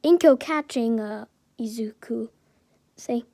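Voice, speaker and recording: A woman's voice: a little high, slow pace, long pauses, warm tone, no echo. A woman improvising a fan-fiction story aloud, rambling, correcting herself and giggling.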